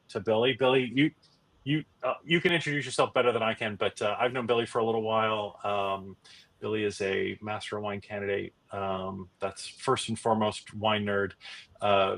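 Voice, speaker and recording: Man, middle-aged, low voice, casual stream host, rambling, lots of ums. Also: vocal fry, a bit bright. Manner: rambling, many fillers and restarts. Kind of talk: casual live-stream chat.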